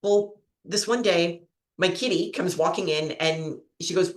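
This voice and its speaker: A woman's voice: lowish voice, a little slow. A woman hosting a trivia show, chatting casually and telling rambling stories with frequent laughter. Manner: rambling, giggly storyteller. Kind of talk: casual chat and storytelling. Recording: roomy echo.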